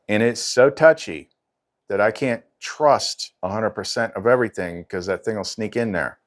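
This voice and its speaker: A man's voice: lowish voice, normal speed. A man talking in a rambling, agitated casual monologue, full of fillers and frustrated asides. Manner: agitated, rambling, frequent "like" and "freaking". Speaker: spiritual channel host.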